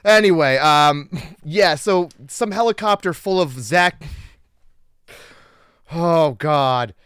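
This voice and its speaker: A man co-hosting a movie podcast in casual chat, animated and laughing often. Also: on the high side, takes it slowly, clear, resonant tone, no room sound, studio quality. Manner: animated, laughs often, puts on silly voices. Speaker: podcast co-host.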